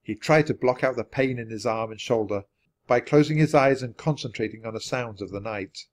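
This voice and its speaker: A man's voice: medium pitch, fairly quick. Man reading a children's storybook. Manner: steady, clear read-aloud pacing. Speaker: storybook reader.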